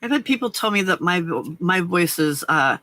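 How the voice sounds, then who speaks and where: A woman's voice: lowish voice, animated, normal speed, pushed and bright, no room sound. An older woman hosting a casual late-night crafting livestream, chatting and laughing often as she answers viewers' comments. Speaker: livestream host.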